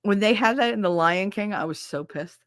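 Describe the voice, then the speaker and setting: A woman hosts a podcast from her bedroom and chats loosely with her viewers, cursing freely and laughing at her own stumbles. Her voice sits at an average pitch, and it is recorded close and dry, with no room echo. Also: normal speed, a bit bright. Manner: swears freely and laughs often; chatty and self-mocking. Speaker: podcast host. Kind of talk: casual live chat with viewers.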